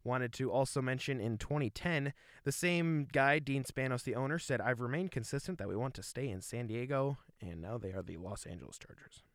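A man's voice: mid-range voice, expressive, brisk, no echo, studio quality. A man co-hosting a casual sports podcast, recapping scores and results and self-censoring his swearing. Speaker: podcast co-host.

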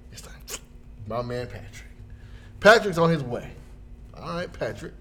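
A man telling a funny everyday story in a casual chat, jumping into high voices when he quotes people. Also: very animated, measured pace, a bit bright.

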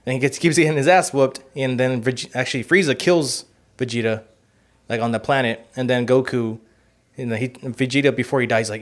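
A man of ordinary middle pitch telling a long story in casual chat. He rambles freely, swears often and leans on "like" and "you know" between thoughts. His tone stays loose and unscripted. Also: a little fast. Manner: rambling, profane, heavy use of "like" and "you know". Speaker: podcast co-host.

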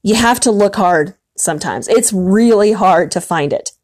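A woman's voice: mid-range voice, normal speed, a little mellow. A middle-aged woman hosting a faith-based podcast, telling a story earnestly and reflectively, with frequent fillers and restarts. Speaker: podcast host.

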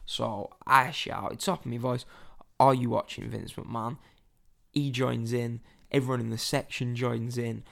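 Gravelly man reviewing wrestling. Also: mid-range voice. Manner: chatty, opinionated, animated storytelling. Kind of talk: casual solo review.

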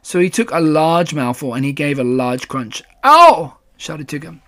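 A man narrating a classic children's story in a measured, gentle storytelling manner. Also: medium pitch. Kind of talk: storybook reading.

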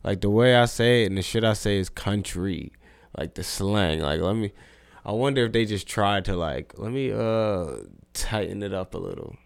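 Profane, rambling man with a smooth voice. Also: lowish voice, normal speed, dry recording. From New Jersey. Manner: loose and profane, full of "like" and restarts. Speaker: podcast co-host. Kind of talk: casual podcast chat.

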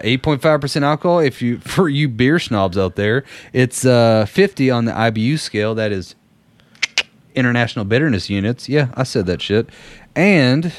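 A man's voice: mid-range voice, dry recording. Laid-back cussing man telling stories. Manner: profane, laughing storyteller. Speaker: podcast co-host. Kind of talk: casual storytelling chat.

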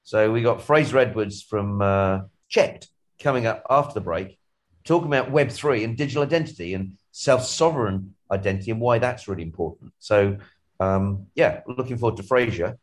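Low-voiced man chatting. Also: moderate pace. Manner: rambling and jokey, with many ums and restarts. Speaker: co-host. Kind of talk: casual podcast chat.

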